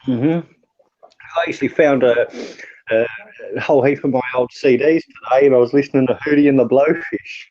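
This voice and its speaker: A man's voice: medium pitch, normal speed, dull audio. An easygoing man with an Australian accent, a guest chatting casually and saying "mate" often. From Western Australia. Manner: easygoing, says "mate" a lot. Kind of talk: casual chat.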